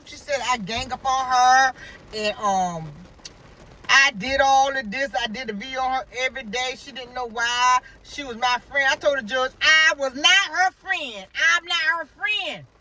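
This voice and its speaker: A man's voice: very high voice, measured pace, pushed and bright, poor audio. A man in his fifties telling a story to viewers in an emphatic, repetitive, casual way. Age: 50s. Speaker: vlogger.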